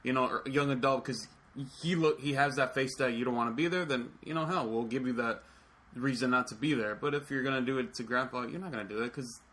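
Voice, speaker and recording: A man co-hosting a podcast in casual chat, talking quickly with many halting restarts. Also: medium pitch, a bit bright. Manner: quick, halting, repeats words. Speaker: podcast co-host.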